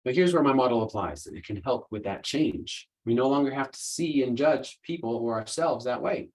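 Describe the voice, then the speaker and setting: A man's voice: medium pitch, expressive, moderate pace, darkish tone, low-quality recording. A man hosting a solo podcast, explaining ideas in an earnest, conversational way. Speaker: podcast host, coach.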